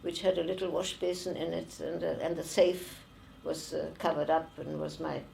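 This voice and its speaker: A woman in her nineties with a German accent, giving oral history testimony slowly and haltingly, with many pauses and fillers. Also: deep voice, little pitch movement, creaky, warm tone, a little hiss or hum, low-quality recording. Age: 90s. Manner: slow and halting, with frequent fillers. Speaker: interviewee, former refugee.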